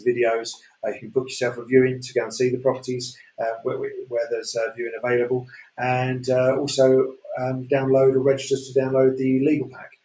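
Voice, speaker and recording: A man's voice: on the low side, darkish tone. Auctioneer guy rambling thru property lots, lots of ums and restarts, echoey room. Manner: chatty, hesitant, many fillers and restarts. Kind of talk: live auction show chat. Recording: roomy echo.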